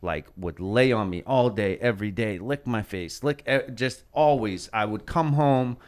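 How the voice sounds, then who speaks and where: Low smooth-voiced man telling a heartfelt story. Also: unhurried. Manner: swears often, rambling heartfelt storytelling. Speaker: podcast host. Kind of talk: casual podcast chat.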